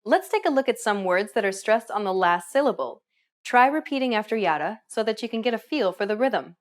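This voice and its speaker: A woman's voice: mid-range voice, lively intonation, fairly quick. Woman, lesson host; scripted narration, friendly, asks questions to engage learners.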